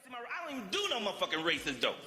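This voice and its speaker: Male comic, high and animated, chuckles through jokes in a loud noisy hall. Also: rapid-fire. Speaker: stand-up comedian. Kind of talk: stand-up joke telling.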